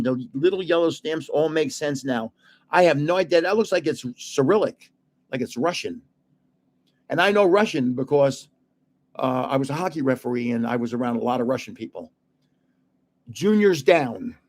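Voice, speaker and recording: An older man hosts a late-night live stream and card giveaway, sounding tired as he rambles and chats. His voice is medium in pitch, animated and at normal speed, and he chuckles often and restarts many times.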